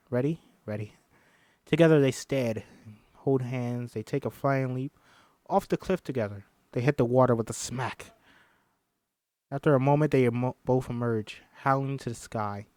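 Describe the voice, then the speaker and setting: Guy reading a movie script out loud on stream, gets emotional, swears a lot, mid-pitched voice, dry sound. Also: moderate pace, no room sound. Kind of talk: script read-aloud with commentary.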